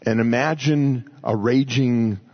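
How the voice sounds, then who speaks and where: Speaking slowly at a medium pitch with a breathy edge, a man delivers a sermon that works through a passage; he's animated, repeats and restarts phrases, and acts out quoted speakers. The audio is dull.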